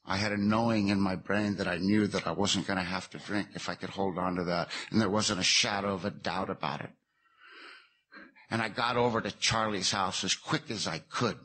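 A man's voice: on the low side, fairly bright tone, a little hiss or hum. A man giving a personal recovery testimony, earnest and plainspoken with folksy phrasing. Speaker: speaker sharing his recovery story.

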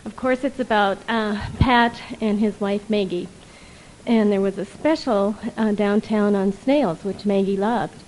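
A woman's voice: mid-range voice, measured pace, a little hiss or hum, rough recording. A woman from the United States telling a joke to a group. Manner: lively joke-telling, putting on characters. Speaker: speaker sharing a joke.

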